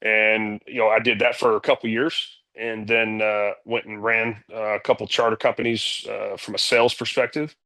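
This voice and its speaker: A man, a company CEO, telling stories as a guest in a casual interview, energetic and blunt, swearing freely. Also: fairly low pitch, normal speed, hardly any pauses.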